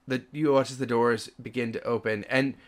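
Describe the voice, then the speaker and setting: A man's voice: medium pitch, fairly even intonation, moderate pace. A man running a tabletop game as game master, narrating casually with lots of fillers.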